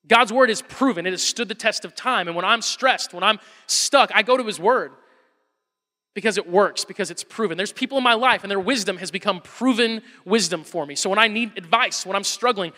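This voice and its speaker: A man's voice: sits high, bright, forceful tone, in a large hall. A pastor, a man around his thirties, preaching a sermon with emphatic repetition and frequent restarts.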